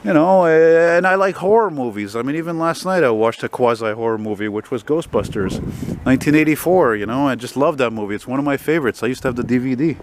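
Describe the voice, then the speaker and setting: A man, walking a city street at night and chatting into his camera in a rambling, profane, easily excited way. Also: medium pitch, fast. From Quebec, Canada. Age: 40s. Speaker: vlogger. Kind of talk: casual walking vlog. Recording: street traffic noise outdoors.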